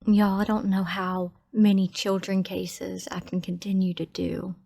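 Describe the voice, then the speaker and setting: A woman in her thirties with a drawl speaks softly and with feeling to her viewers. Her voice is warm and mellow, casual and heartfelt. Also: mid-range voice, flat delivery, unhurried, creaky. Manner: emotional, soft, heartfelt. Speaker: true crime YouTuber. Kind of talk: casual vlog outro.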